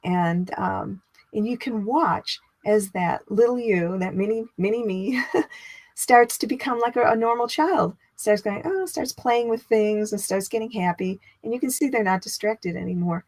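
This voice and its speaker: A spiritual teacher in middle age speaks in a measured way, her voice at medium pitch. She keeps the teaching talk chatty and expressive, lifting her voice to dramatize inner dialogue.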